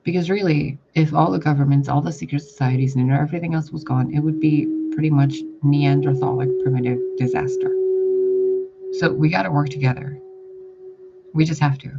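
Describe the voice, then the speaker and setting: Gravelly-voiced man giving a rambling spiritual message. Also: fairly high pitch, animated, brisk. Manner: rambling, blunt, swears casually. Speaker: spiritual reader. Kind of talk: casual channeled spiritual message. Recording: dull lo-fi audio with loud background noise.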